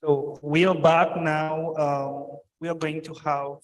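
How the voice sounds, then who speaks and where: A man moderating a conference panel on stage, pausing often with ums and uhs. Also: a little high, level tone, low-quality recording. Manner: halting, frequent ums and uhs.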